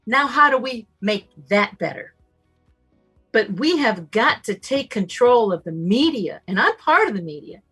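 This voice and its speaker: A woman speaks as a summit guest in a slightly high voice, emphatic and animated. She acts out little bits of dialogue in shifting voices. Faint music sits behind her. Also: a little slow, breathy edge. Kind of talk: casual talk, motivational.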